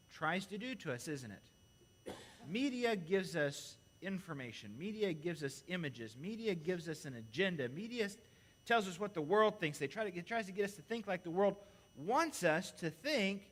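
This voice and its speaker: Male preacher, earnest sermon, slightly raised pitch, bright forceful voice, questions to the congregation. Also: big pitch swings, moderate pace.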